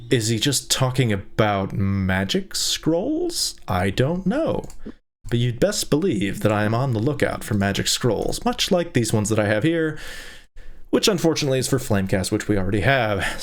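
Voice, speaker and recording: A man hosting a let's play, giving casual gameplay commentary in a chatty, rambling way with amused asides. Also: medium pitch.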